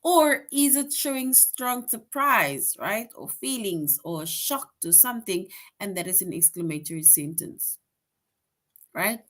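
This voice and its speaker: A woman teaching a grade-school grammar lesson online. She explains patiently, keeps checking in with "right?", and slows down to stress example sentences. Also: medium pitch, expressive, a bit bright. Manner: explains patiently, tag question "right?" after most points; reads example sentences slowly with emphasis.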